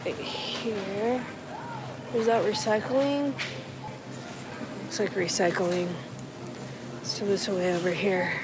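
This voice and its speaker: Slow-talking woman vlogging on errands. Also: medium pitch, steady tone, noisy background. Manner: talks to herself and viewers as she goes. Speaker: rideshare driver vlogger. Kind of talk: casual vlog narration while running errands.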